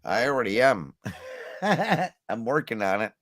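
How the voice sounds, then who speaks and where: A man's voice: medium pitch, big pitch swings, a little slow, a bit bright, dry recording, studio quality. A man in his sixties in a casual, argumentative chat, blunt and profane, laughing often. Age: 60s. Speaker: co-host.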